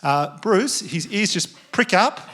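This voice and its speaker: A man on stage doing stand-up comedy, with a voice that sits a touch high for a man. He tells his story in an animated, self-mocking way and slips into other people's voices as he quotes them. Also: takes it slowly. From Australia. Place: theatre stage before a live audience.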